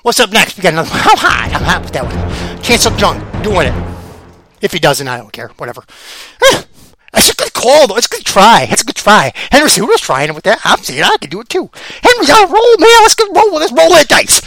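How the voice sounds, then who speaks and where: Male podcast host, high and bright voice, rambling excitable fight talk, a bit winded, dry close sound. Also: fast, no echo, faint music behind. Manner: rambling, excitable, repeats himself. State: slightly out of breath. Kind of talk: casual fight-pick commentary.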